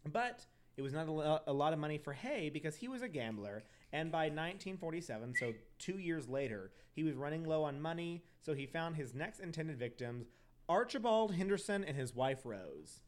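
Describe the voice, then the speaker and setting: A man's voice: a little high, animated, normal speed. A young man hosting a podcast, telling a true crime story casually, with profane asides and self-corrections. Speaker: podcast host.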